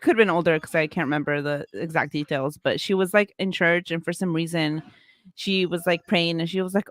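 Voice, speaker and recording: A woman's voice: fairly low pitch, a little fast, no echo, studio quality. A woman telling a family ghost story in casual chat, rambling with lots of fillers. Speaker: paranormal content creator.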